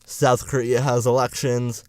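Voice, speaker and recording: A young man rants about politics in a loose, profane, sarcastic vlog ramble. His voice is smooth and clear, sitting at an ordinary middle pitch. It is recorded close and dry, with no room sound around it. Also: flat delivery, unhurried, no room sound. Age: young adult. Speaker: political vlogger.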